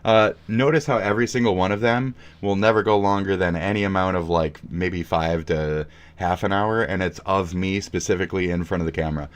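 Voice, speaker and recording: Young male streamer, very low voice, crude and taunting, reacts to chat live. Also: fairly even intonation, fairly quick, few pauses, clear, resonant tone. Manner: profane, mocking, loud taunting outbursts.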